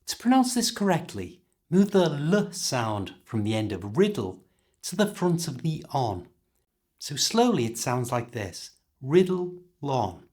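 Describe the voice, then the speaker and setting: A man with a British accent teaching English learners, explaining everyday phrases and slowly modelling how to pronounce them. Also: mid-range voice, sing-song, darkish tone. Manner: clear, slow modelling of pronunciation.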